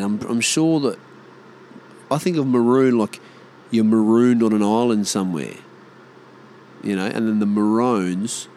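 An Australian man in his thirties, a vlogger, rambles casually on his own, swearing freely and mimicking his mates in exaggerated voices. His voice is fairly low, creaky and a little mellow, with slight background noise.

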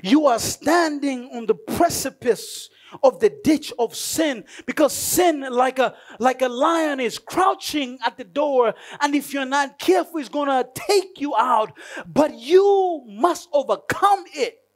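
A man's voice: extremely high pitch, animated, unhurried, voice pushed up. A man voicing God as a proud, doting heavenly father in a sermon, delighted and chuckling. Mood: warning.

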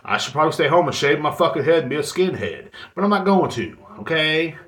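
A man's voice: a little high, animated, quick pace, fairly bright tone. A man hosting a solo podcast, ranting bluntly and profanely with lots of fillers and restarts. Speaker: podcast host. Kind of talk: solo rant, casual monologue. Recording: echoey room.

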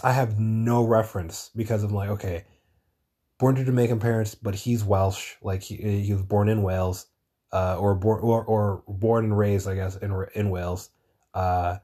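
A man's voice: on the low side, dark tone, slightly rough. A man hosting his own show, talking in a meandering, casual monologue full of swearing and searching for words. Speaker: podcast host.

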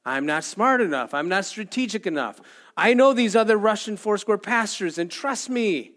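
A man preaching a sermon, telling a story with animated delivery and shouting out the lines he acts out. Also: high voice, moderate pace. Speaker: pastor.

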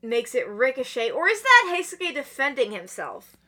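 Woman, higher voice, very animated pitch, podcast chat, retelling a story with put-on lines. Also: normal speed. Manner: animated retelling with acted-out character lines and frequent laughs. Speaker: podcast guest. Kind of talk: casual chat recapping manga chapters.

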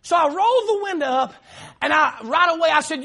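A male pastor telling a story in an emphatic sermon, often shouting and laughing as he preaches. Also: very high voice, animated, brisk, vocal fry.

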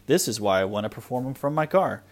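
Thirties male podcast host, mid-pitched, very lively intonation, blunt exasperated ranter. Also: quick pace. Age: 30s. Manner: blunt, exasperated ranting with frequent "like" fillers. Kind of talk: solo ranting podcast. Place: at home with small children nearby.

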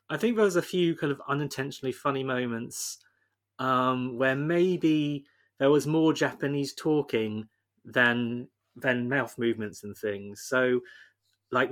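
A man's voice: mid-range voice, fairly bright tone. A man co-hosting a podcast in casual chat, laughing often as he retells scenes. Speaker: podcast co-host.

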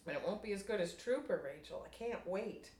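Self-centered girl friend, lifted pitch , as a woman reads her, roomy distant sound. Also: animated, fast talker, darkish tone, natural voice. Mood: coaxing. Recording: roomy room, distant mic.

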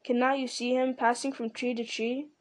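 Hushed sharp-eyed male elf a woman reads, calm and alert, read-aloud story. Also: fairly high pitch, moderate pace, natural voice. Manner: hushed, pointed.

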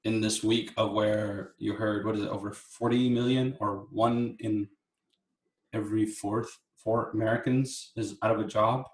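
A man co-hosting a podcast in casual chat, reflective and halting, often repeating his words. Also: on the low side, little pitch movement. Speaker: podcast co-host. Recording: roomy echo.

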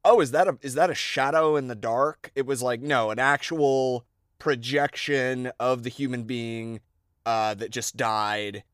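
A man's voice: medium pitch, fairly even intonation, fairly bright tone, clean tone, dry recording, clean studio sound. A man co-hosting a podcast, chatting casually and riffing off his partner's jokes. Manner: quick riffing banter. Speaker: podcast co-host. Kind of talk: casual chat.

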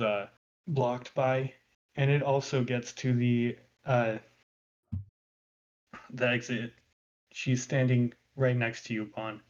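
A man narrating as game master of a tabletop game, in a measured way with many filler pauses. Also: medium pitch, lo-fi sound.

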